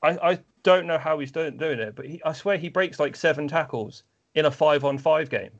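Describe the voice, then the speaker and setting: A man's voice: a little high, normal speed. A man telling casual sports anecdotes in a chatty storytelling way, with frequent restarts. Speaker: podcast guest or co-host, flag football player. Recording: slightly dull, lo-fi recording.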